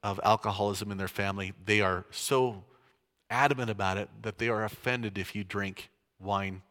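A man's voice: fairly low pitch, fairly even intonation, normal speed, fairly bright tone. A male pastor giving a sermon in a conversational way, with joking asides. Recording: long hall reverb.

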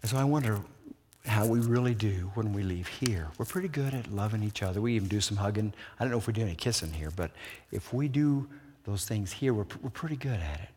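Pastor preaching in a reverberant hall. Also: male voice, fairly low pitch, fairly quick, husky. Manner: animated storytelling with questions to the congregation. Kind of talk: sermon. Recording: long church hall reverb.

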